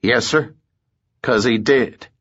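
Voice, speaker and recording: A man voicing a huge, grizzled lumberjack who talks bluntly and gruffly, in a muffled audiobook recording. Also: medium pitch, takes it slowly, fairly bright tone.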